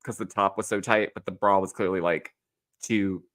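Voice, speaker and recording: A man's voice: low-pitched, moderate pace. A young adult man joining a casual gossip chat as a guest, playful and eager to jump in. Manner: animated, playful, jumps in eagerly. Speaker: podcast guest.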